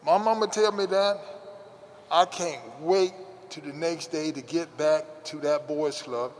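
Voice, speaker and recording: High-voiced man telling a folksy story. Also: a little slow, in a large hall, a little hiss or hum. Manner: folksy, repetitive retelling with frequent restarts. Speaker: interview guest. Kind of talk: casual storytelling.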